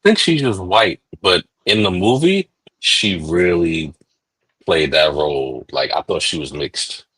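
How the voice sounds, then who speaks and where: A man's voice: deep voice, animated, a little slow, fairly bright tone, slightly rough, no echo, rough recording. A man co-hosting a podcast in casual chat, laid-back and chuckling. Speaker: podcast co-host.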